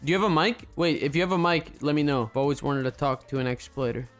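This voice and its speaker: A man's voice: a little high, steady tone, quick pace, faint music behind. A young man hosting a gaming video, talking casually and energetically while calling out to other players. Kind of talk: casual gameplay commentary.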